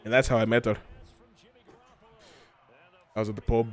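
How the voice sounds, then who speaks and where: A man doing a put-on Scottish accent as a crude, shouting pub regular. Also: on the low side, level tone, moderate pace, close to an everyday voice. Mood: bellowing crude. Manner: loud, bellowing insults.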